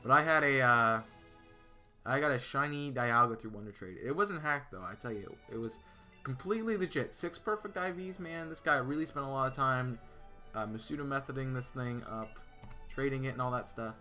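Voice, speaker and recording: Bright-voiced male streamer chatting. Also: mid-range voice, moderate pace, faint music behind. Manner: chatty, answers chat, many fillers and restarts. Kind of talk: casual live-stream chat.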